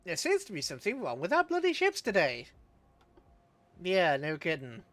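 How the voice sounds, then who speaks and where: A man's voice: high voice, wildly swooping pitch, moderate pace, a bit bright, no room sound. Chatty man streaming a game. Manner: chatty, chuckling, talks to chat. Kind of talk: live gameplay commentary.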